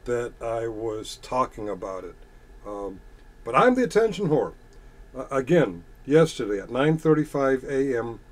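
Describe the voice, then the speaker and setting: A man's voice: medium pitch, a little mellow. A man reading chat comments aloud and answering them in a sarcastic, combative, profane rant. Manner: reads chat messages aloud and retorts. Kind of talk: casual ranting monologue.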